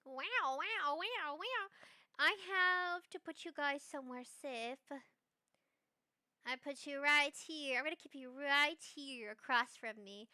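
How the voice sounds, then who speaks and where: A woman VTuber chatting casually with her live-stream chat, bubbly and excitable, speaking straight to her viewers. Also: high voice, no echo, clean studio sound.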